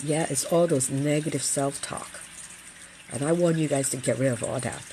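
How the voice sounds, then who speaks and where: A woman's voice: deep voice, normal speed, mellow, slight background noise. A middle-aged woman hosting a casual feng shui livestream, talking earnestly and chattily and often repeating her phrases.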